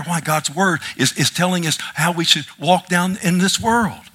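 Bright-voiced pastor preaching with emphasis. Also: male voice, high voice, normal speed, few pauses. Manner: animated, repetitive emphasis with asides and self-deprecating humor. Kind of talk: sermon.

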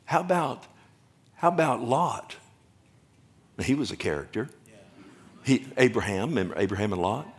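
A male pastor in the middle of a sermon, with a voice of ordinary, middling pitch. He keeps asking his listeners questions and then answers them himself. Now and then he slips in a joke. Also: very animated, moderate pace, long pauses. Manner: jokes and laughs with the congregation.

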